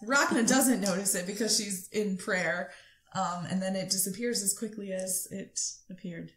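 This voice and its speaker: A woman acting as game master, narrating a tabletop game in a soft-spoken, descriptive way. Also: mid-range voice, normal speed, echoey room.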